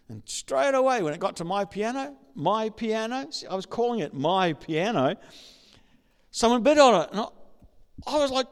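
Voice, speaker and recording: A man preaching a sermon, telling a personal story and building up to excited shouting. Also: sits high. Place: large church hall. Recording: reverberant hall.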